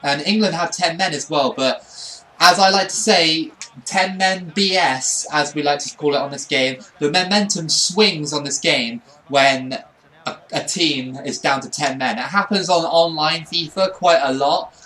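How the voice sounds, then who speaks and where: A gaming channel host gives excitable play-by-play commentary over his own football video game, swinging from quiet asides to shouts. His voice is fairly high and he keeps a measured pace.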